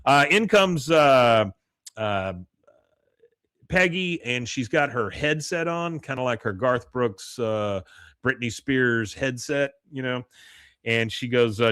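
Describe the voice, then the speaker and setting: A man's voice: slow, smooth, no room sound, clean studio sound. A man hosting a podcast, recapping a cartoon episode in casual chat, reading character lines in a raised voice and laughing often at the jokes. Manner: animated, lifts his pitch when quoting characters. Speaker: podcast host.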